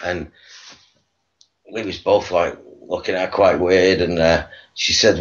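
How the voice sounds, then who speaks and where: Very deep-voiced rambling male storyteller. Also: steady tone, measured pace, pauses often. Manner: rambling, chuckling, with many fillers. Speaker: interview guest, activist. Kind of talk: anecdotal storytelling. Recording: dull lo-fi recording.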